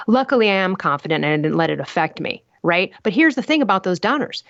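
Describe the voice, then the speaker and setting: A woman speaks as a podcast guest, telling her stories bluntly and with strong emphasis, often firing rhetorical questions. Her voice sits at an ordinary middle pitch. The recording is dry and close, with a slightly dull, muffled top end. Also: animated, fast, hardly any pauses, dry recording. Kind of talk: animated interview talk.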